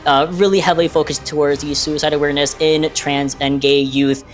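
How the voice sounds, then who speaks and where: An excitable esports caster, gushing through live game commentary with faint music behind. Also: medium pitch, brisk.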